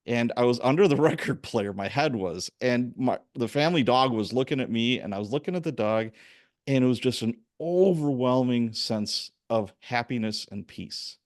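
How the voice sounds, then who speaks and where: A man hosting a podcast, chatting casually and telling a personal story with lively acted-out quotes. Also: mid-range voice, normal speed. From Chicago area. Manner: animated storyteller, acts out quoted voices. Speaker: podcast host. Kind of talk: casual interview conversation.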